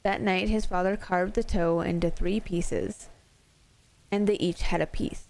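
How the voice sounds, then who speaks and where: A woman's voice: lowish voice, fairly even intonation, measured pace, vocal fry, a little mellow. Playful woman reading scary stories. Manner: playful, laughs easily, chats with viewers between stories. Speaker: streamer reading horror stories. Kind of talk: casual storytelling to a live chat.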